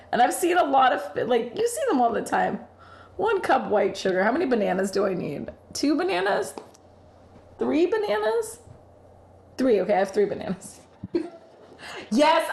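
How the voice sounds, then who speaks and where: A woman hosting a casual livestream, chatting and laughing often while she bakes and reads out viewer comments. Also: on the high side. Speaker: livestream host. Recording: roomy echoey room.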